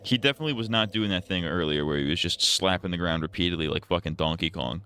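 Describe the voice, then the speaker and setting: A man's voice: deep voice, fast talker, sharp tone, clean tone. A young man streaming a game, joking, swearing and rambling in casual crude commentary. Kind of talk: crude live gaming commentary.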